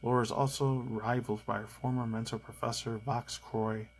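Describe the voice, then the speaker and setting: A man's voice: mid-range voice, little pitch movement, moderate pace, a little hiss or hum, low-quality recording. Rambling man in his thirties. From United States. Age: 30s. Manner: rambling, slangy, loose and chatty. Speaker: reaction video host. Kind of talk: casual rambling reaction commentary.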